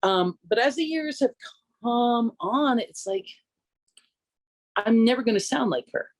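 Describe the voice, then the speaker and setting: A woman singer from Canada talking through her craft in a relaxed radio interview, reflective and conversational, lifting her pitch when she quotes herself. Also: measured pace, no room sound. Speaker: singer and vocal coach, interview guest.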